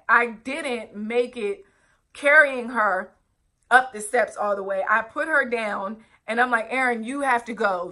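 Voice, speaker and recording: A woman's voice: fairly high pitch, bright, forceful tone. A young woman vlogger telling a personal story earnestly, with direct asides to her viewers. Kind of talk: storytime vlog, recounting a personal ordeal.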